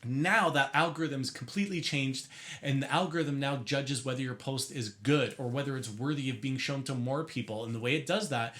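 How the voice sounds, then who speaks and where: A young man teaching marketing tips straight to camera in an energetic, chatty way, often correcting himself mid-sentence. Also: mid-range voice, normal speed. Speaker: marketing coach for therapists.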